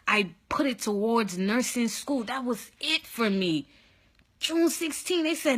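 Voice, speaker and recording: A young adult woman telling her own story in a casual vlog, expressive, with loud whoops and animated retelling. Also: fairly high pitch, moderate pace. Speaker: vlogger.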